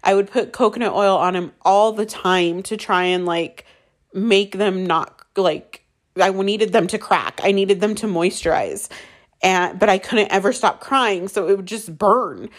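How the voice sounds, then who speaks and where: A young woman, a mother, telling her own painful story candidly, halting often with fillers and restarts. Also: medium pitch. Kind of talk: emotional personal storytelling.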